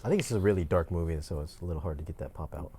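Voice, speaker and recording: A man's voice: sits low, rapid-fire, mellow, breathy edge. A man co-hosting a casual podcast, talking in a laid-back, easygoing way. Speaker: podcast co-host. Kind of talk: casual chat.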